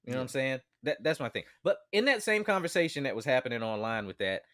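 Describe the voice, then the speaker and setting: A man co-hosting a podcast in casual, profane chat, jumping up in pitch when making a point. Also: lively intonation, quick pace, a bit bright, dry recording, studio quality. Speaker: podcast co-host.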